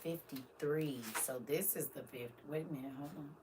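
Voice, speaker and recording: A woman's voice: sits low, fairly even intonation, moderate pace, background noise. A woman, chatting casually on a live stream and holding back tears, talking straight to her viewers. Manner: emotional, talks straight to viewers. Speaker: live streamer opening gifts.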